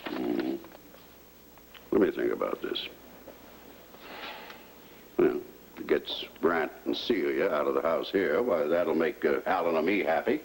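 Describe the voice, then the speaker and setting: An actor playing a crusty older family patriarch in a daytime soap, talking in a gruff, suspicious, sly way. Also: male voice, rumbling low, unhurried, long pauses, a little hiss or hum, exaggerated voice, rough recording. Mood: gleeful.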